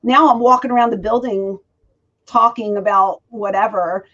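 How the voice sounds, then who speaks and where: A woman in her forties, medium-pitched and at normal speed, tells animated stories as a guest in a shoot interview. She acts out the quoted dialogue, heard through a dull lo-fi recording.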